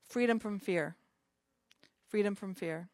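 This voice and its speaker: A woman's voice: mid-range voice, slow pace, darkish tone, no room sound, clean studio sound. A woman pastor giving an informal sermon to a small group, talking conversationally with chatty asides between scripture readings.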